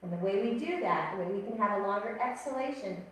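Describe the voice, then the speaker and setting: A woman teaching a yoga class, giving calm, gently paced cues and counting breaths. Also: medium pitch, fast, a little hiss or hum. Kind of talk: guided yoga instruction. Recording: echoey room, voice from a distance.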